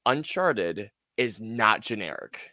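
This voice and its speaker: A man co-hosting a casual podcast chat, enthusiastic and animated, often restarting his sentences. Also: lowish voice, slow, no room sound, clean studio sound. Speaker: podcast co-host.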